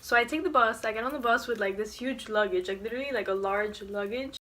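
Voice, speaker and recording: A woman's voice: on the high side, quick pace, noisy background. Chatty young woman telling a story. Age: young adult. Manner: chatty, lots of "like" fillers, animated retelling. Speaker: vlogger. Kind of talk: casual story time vlog. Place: college dorm room at night.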